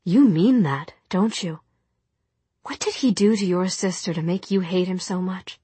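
A woman's voice: lowish voice, unhurried, dark tone, breathy edge, no echo. A woman voicing a spirited, defiant young woman who speaks in a pointed, exasperated way. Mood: probing.

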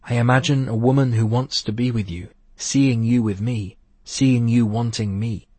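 A man's voice: medium pitch, steady tone, moderate pace, mellow, husky, no echo, natural voice. A man voicing a playful young woman. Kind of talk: audiobook character voice.

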